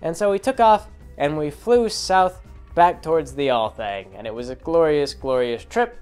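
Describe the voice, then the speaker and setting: A man's voice: fairly high pitch, lively intonation, normal speed, darkish tone, clean tone. Rambling man with faint music behind. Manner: rambling, amused, many fillers. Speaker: storyteller. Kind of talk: casual storytelling vlog.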